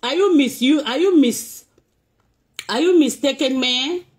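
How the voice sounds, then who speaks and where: A woman with a high, slightly mellow voice and a measured pace rants during a live stream. She's a social media vlogger reading comments aloud and confronting the commenters with a string of repeated, taunting questions.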